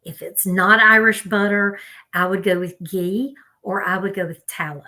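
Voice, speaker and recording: A woman's voice: mid-range voice, steady tone, normal speed, pushed and bright. A woman with a Southern US accent, talking casually and directly to her viewers as she runs through food advice. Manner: chatty, direct, talks to viewers as "y'all". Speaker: health vlogger.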